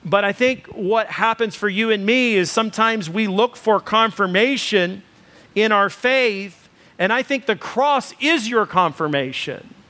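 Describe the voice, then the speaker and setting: High-voiced man preaching a sermon. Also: measured pace, sharp tone. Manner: conversational preaching with fillers, rising to emphatic lists. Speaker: pastor.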